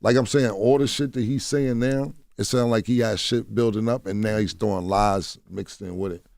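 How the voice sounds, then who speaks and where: A man's voice: lowish voice, fairly even intonation, moderate pace, vocal fry, a little mellow, no room sound, clean studio sound. A man telling stories bluntly in a radio interview, swearing freely and often asking "you know what I'm saying.". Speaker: guest. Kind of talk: candid interview storytelling. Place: radio studio. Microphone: studio mic.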